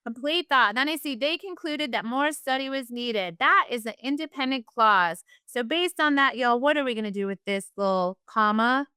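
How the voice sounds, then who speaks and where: A high, bright woman teaching online with a lilt. Her voice is clear and smooth, recorded dry and close. She keeps an upbeat, encouraging tone throughout. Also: lively intonation, moderate pace, few pauses, dry recording. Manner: upbeat, encouraging, uses "y'all". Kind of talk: virtual class lesson.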